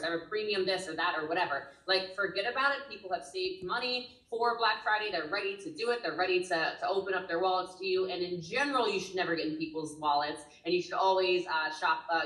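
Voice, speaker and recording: A woman's voice: fairly low pitch, sharp tone, roomy sound, distant mic, low-quality recording. A woman coaching network marketers with emphatic, urgent, punchy delivery. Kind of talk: energetic webinar teaching.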